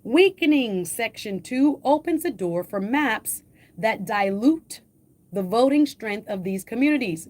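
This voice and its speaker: A woman host with a Jamaican accent, reading an editorial aloud and commenting on it, slowing down and lifting her voice on key phrases. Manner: emphatic, slows and lifts pitch on key phrases.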